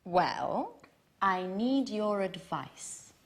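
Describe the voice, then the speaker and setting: A woman's voice: medium pitch, very animated, extremely slow, exaggerated voice. A woman playing a polite young woman seeking advice in a scripted textbook dialogue. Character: young woman named Anne shopping for a car.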